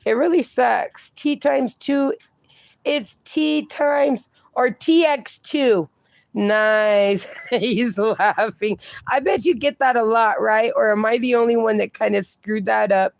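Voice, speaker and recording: Woman host, casual stream chat, slightly high voice with gravel, swears freely. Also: no echo. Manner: chatty, swears casually, reads viewer comments aloud. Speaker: livestream host reading chat.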